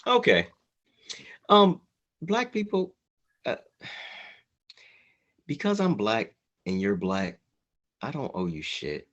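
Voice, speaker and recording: A man's voice: fairly low pitch, big pitch swings, slow, long pauses, fairly bright tone, highs cut off. A man co-hosting a casual group podcast, speaking bluntly and heatedly with heavy profanity. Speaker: podcast co-host.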